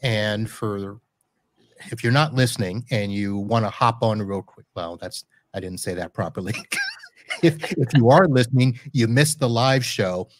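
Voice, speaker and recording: A man's voice: fairly low pitch, measured pace. A man hosting a live podcast, chatting casually with a guest and joking as he corrects himself. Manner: chatty, jokey, self-correcting. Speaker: podcast host. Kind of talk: casual interview chat. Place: Florida home studio.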